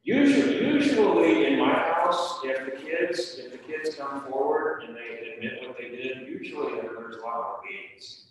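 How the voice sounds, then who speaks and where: A man's voice: medium pitch, expressive, moderate pace, hardly any pauses, recorded from a distance, slight background noise. Man teaching a class in an echoey room. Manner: reads scripture aloud, then questions the class. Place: church room.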